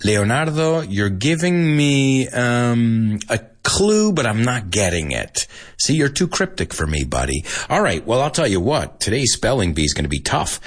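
Husky guy teaching english live, super animated pitch, mixes in spanish, laughs a lot. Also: normal speed. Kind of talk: live-streamed language lesson.

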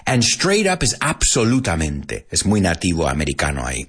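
Husky low-voiced guy teaching english, swings his pitch all over, keeps flipping into spanish to explain stuff. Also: normal speed. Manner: animated, switches between English and Spanish to explain words. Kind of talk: bilingual language lesson.

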